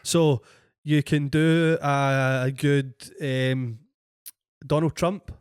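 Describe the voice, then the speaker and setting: A Scottish man hosts a podcast in casual, chatty conversation. His voice is mid-pitched and recorded dry and close. He keeps the talk moving with quick affirmations. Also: steady tone, clear, resonant tone, dry recording. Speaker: podcast host. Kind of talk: casual chat.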